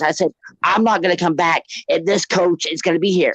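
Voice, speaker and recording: Brief: excitable podcast co-host, higher-pitched, cursing through a tall tale. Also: male voice, brisk, husky, dry recording, rough recording. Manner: profane, boastful storytelling. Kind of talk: casual sports chat.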